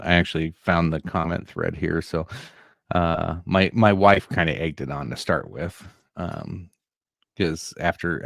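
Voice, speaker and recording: A man's voice: low voice, gravelly, dry recording, studio quality. A man co-hosting a casual podcast, ranting with lots of swearing. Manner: profane, animated ranting. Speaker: podcast co-host.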